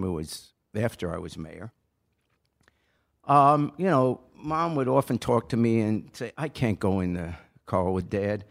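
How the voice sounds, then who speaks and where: An older man and podcast host telling a personal story in a casual, earnest way that grows impassioned and pleading. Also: medium pitch.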